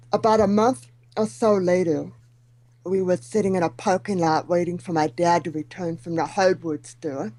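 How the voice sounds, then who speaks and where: A middle-aged woman guest whose speech is shaped by hearing loss, with high sounds softened or missing, telling her story with self-deprecating humor. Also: no echo, rough recording. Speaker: guest speaker. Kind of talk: talk show interview.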